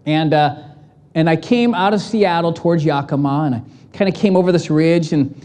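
A pastor giving a conversational, playful sermon. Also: moderate pace. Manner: conversational and playful, animated pitch swings.

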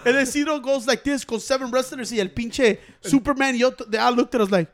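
A man's voice: extremely high pitch, fast. A man telling a story in casual chat, laughing often, swearing freely and mixing Spanish into his English.

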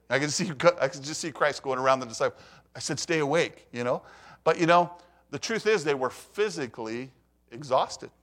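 A man's voice: mid-range voice, moderate pace, a bit bright. An older man preaching a sermon, telling stories in a conversational way, asking the audience questions and acting out what others say. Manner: storytelling, acts out quoted voices.

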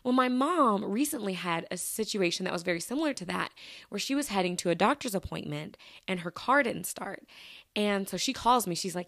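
Woman podcast host, 30s, chatty casual storyteller, mid-pitched, dry close recording. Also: animated, fairly quick, a bit bright, dry recording. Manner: chatty, with many fillers and restarts.

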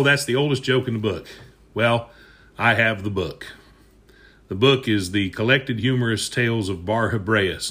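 A man's voice: lowish voice, pushed and bright. A man telling old jokes in casual chat, folksy and chuckling as he goes.

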